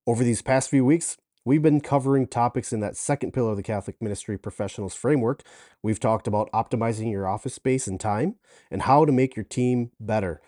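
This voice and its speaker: Minnesotan man, warm dry voice. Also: medium pitch, brisk, no echo. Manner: friendly, relaxed, easy laughter. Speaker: podcast co-host. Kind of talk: casual podcast chat.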